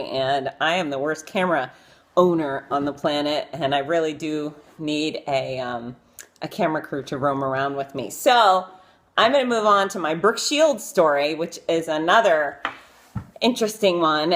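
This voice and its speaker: A chatty, self-deprecating woman from Florida tells stories about her celebrity interviews during a casual live stream. She's a vlogger, animated and full of fillers, acting out quotes in a high voice.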